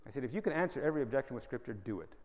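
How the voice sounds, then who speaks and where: A man's voice: mid-range voice, lively intonation, racing, darkish tone. A man preaching a sermon, joking at times and pressing his listeners with rhetorical questions. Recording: hall reverb.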